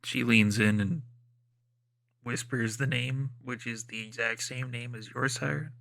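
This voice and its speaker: A man's voice: mid-range voice, steady tone, a little slow, creaky, fairly bright tone. A man running a tabletop role-playing game, talking offhand with many fillers. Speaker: game master. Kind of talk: narrating and voicing a tabletop game.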